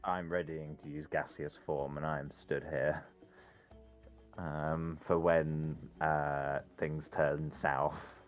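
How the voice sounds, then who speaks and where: A man playing a tabletop game, talking slowly and deliberately. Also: extremely low pitch, little pitch movement, soft background music. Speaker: player. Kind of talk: casual tabletop chat.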